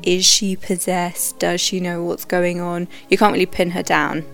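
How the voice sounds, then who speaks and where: A woman reviewing a film for a podcast, talking candidly and with animated opinions. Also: lowish voice, normal speed, creaky, over music. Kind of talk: conversational narration.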